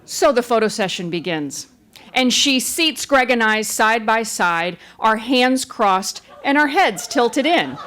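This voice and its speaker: A woman tells a funny personal story with wry, animated delivery. Her voice sits high and swings widely in pitch as she builds each beat. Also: takes it slowly. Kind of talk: live comic storytelling.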